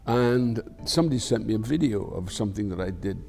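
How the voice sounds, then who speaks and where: A man's voice: lowish voice, animated, fairly quick, gravelly, warm tone, faint music behind. An older man with a Scottish accent, talking frankly in an interview, reflective and rambling, swearing freely. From Scotland. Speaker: actor being interviewed. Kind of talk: candid conversational interview.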